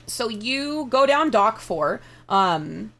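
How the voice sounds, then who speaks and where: A woman's voice: a little high, sing-song, slow pace, fairly bright tone. Woman, game master, casual narration, laughs often, lots of ums. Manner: casual, laughing, many fillers.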